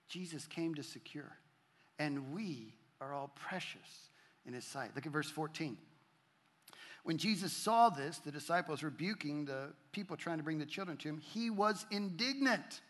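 A man's voice: a little high, fairly bright tone. A man preaching a sermon to a congregation, building emphasis through repeated phrases and scripture readings. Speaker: pastor. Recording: long hall reverb.

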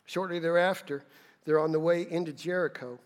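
A male pastor preaches earnestly and rises to emphatic peaks. His voice sits quite high, and a long hall reverb trails after each phrase. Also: steady tone, moderate pace. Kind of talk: sermon.

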